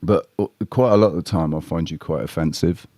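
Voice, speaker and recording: A man's voice: very deep voice, brisk, dark tone, no echo, clean studio sound. A man chatting casually on a live stream, rambling and blunt, swearing freely and talking straight to his viewers. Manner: addresses chat viewers directly. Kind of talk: casual livestream chat with viewers.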